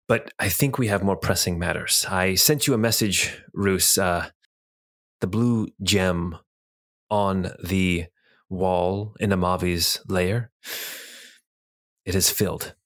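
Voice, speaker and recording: A man's voice: deep voice, a bit bright, no room sound, clean studio sound. A man voicing a polite, well-dressed scaled lizard man in spectacles, a guild master who speaks formally and courteously in a tabletop game.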